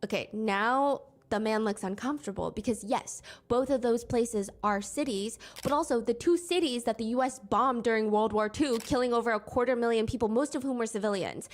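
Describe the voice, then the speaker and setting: A woman narrates a storytime commentary with quoted clips in a conversational, wry manner, reenacting quotes in a raised, mocking voice. Her voice is a little high, and she speaks briskly with hardly any pauses.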